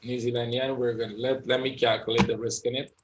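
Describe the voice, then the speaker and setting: Man, trading instructor, live session commentary, mid-pitched voice, thinks out loud, conversational. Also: flat delivery, fast talker, noisy background. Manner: thinks aloud, often adds "right?".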